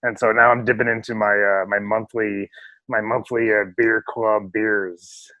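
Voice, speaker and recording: A man's voice: lowish voice, level tone, unhurried, no echo, lo-fi sound. A man co-hosting a casual remote podcast, bantering and teasing his partner. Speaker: podcast co-host. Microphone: remote call mic.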